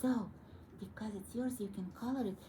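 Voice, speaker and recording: A woman teaching a young child piano, gently coaxing and encouraging her through each step. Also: mid-range voice, fairly quick, a little hiss or hum, low-quality recording. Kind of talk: one-on-one children's piano lesson. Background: piano playing.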